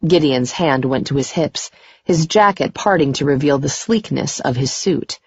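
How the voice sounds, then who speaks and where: A woman narrating a first-person romance audiobook in a steady, unhurried reading voice. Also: low-pitched, breathy edge, dry recording. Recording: dry, dull muffled recording.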